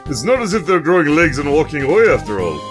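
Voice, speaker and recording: A man's voice: a little high, big pitch swings, fast, music in the background, pitched above the performer's own voice. A man doing a suave Russian-accented pigeon spy. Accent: put-on Russian. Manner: smooth, theatrical, playboy charm. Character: suave male pigeon secret agent, flirtatious. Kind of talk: video game voice acting.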